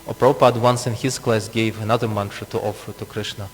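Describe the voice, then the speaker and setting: A man's voice: fairly low pitch, level tone, fast talker. Guy teaching a scripture class in a temple hall, long reverb, lil background hum, laughs a lot. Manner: chuckles often, explains with asides. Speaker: preacher.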